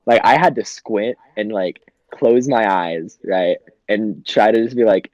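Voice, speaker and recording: A man's voice: fairly low pitch, unhurried, a little mellow, no room sound, lo-fi sound. A young man co-hosting a podcast in casual chat, laughing often and swearing, with lots of fillers. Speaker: podcast co-host.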